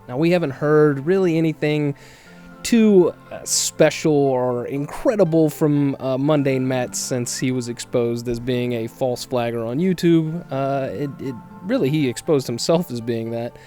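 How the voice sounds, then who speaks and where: A man hosting his own commentary video, talking haltingly with fillers and the odd sigh. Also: medium pitch, dark tone, faint music behind. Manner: hesitant, with fillers and sighs. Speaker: YouTube commentator.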